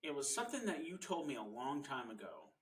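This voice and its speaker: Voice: mid-range voice, very animated, a little fast, far from the mic. A podcast co-host in casual, playful chat, telling an old story from school days.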